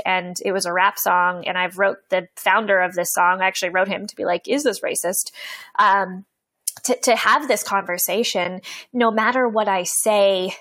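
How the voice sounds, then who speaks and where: A woman from Canada speaks as an interview guest, frank and earnest, with casual swearing and a thoughtful, halting rhythm full of fillers and restarts. Her voice sits at a middle pitch and sounds dry and close, with no room echo. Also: a bit bright. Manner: reflective, with many fillers and restarts. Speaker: interview guest, poet and coach. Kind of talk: candid conversational interview.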